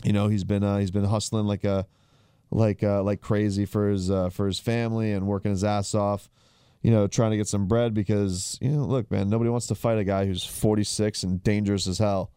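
Low, mellow-voiced man rambling about fights. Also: level tone, fairly quick, clean tone, no room sound, clean studio sound. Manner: rambling, frequent fillers and restarts. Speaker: podcast host. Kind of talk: casual sports commentary.

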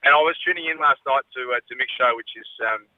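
A man's voice: mid-range voice, fast, no echo. A man calling in to a radio show, chatting casually with lots of fillers and laughs. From South Australia. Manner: chatty, hesitant with many fillers, laughs often. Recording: tinny phone-line radio sound.

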